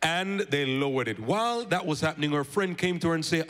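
A man's voice: lively intonation, fairly quick, few pauses. Preaching man in an echoing church. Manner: storytelling preacher, calls for amens, swings from loud to low. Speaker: pastor. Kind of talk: sermon. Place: church sanctuary. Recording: church hall reverb.

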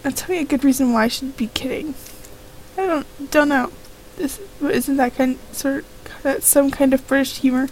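High-pitched woman gamer, reads all game dialogue herself, quick asides, faint hiss behind. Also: fairly even intonation, a little mellow, poor audio. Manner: reads each character's lines in her own voice, reacts with exclamations. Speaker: let's play gamer. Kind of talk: reading game dialogue aloud with commentary.

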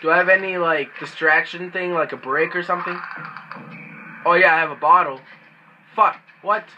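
A man commenting on his own gameplay, panicking and cursing loudly at the game, then muttering to himself while sneaking. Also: fairly high pitch, steady tone, normal speed, muffled recording, soft background music. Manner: yells and swears in panic at the game. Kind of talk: let's play commentary.

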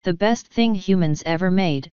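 Woman as old voiced clan mother, stern, slow, dull lo-fi sound. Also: fairly low pitch, warm tone, smooth, no room sound, natural voice. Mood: commanding. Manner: slow, commanding, canny. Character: ancient tiny Scottish-voiced fairy clan mother, stern.

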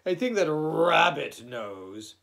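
A man reading aloud, voicing a gloomy, solemn male donkey who speaks slowly and scornfully. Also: on the high side, sing-song, vocal fry, fairly bright tone, pitched above the performer's own voice, exaggerated voice.

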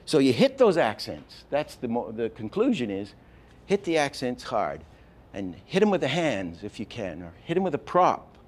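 A man's voice: mid-range voice, normal speed, hardly any pauses. Older man lecturing on animation. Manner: lively storyteller, acts out lines, many restarts. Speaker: animation teacher. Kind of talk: lecture with acted-out examples.

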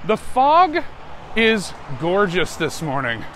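High-voiced man rambling jokily outdoors. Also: huge pitch swings, slow pace, pushed and bright, a little hiss or hum. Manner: rambling, joking, self-mocking asides. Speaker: podcast host. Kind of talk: casual podcast monologue. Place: outdoors on a walk. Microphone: phone.

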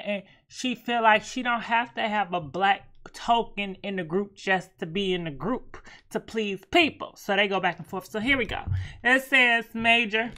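Sassy, bright-voiced woman gossip vlogger. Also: medium pitch. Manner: sassy, chatty, addresses viewers as girl and honey. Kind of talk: casual celebrity gossip commentary.

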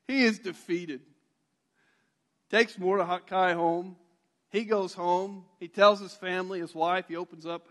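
Man preaching, high bright voice, lively storytelling sermon, voices the characters. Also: unhurried. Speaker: pastor.

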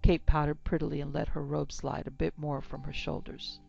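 A woman narrating a horror story in a steady, dramatic storytelling manner. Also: low-pitched, moderate pace, gravelly. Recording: dull lo-fi with faint music.

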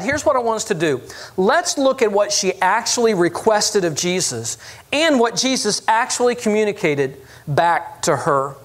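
A man preaching a sermon as pastor, telling stories with humor and asking the congregation for agreement. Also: high-pitched. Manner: storytelling with audience asides; self-deprecating humor.

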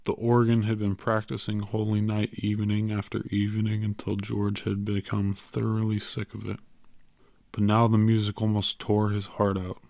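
Male audiobook narrator, low and flat, measured, dry close recording. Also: vocal fry, dry recording. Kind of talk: scripted narration.

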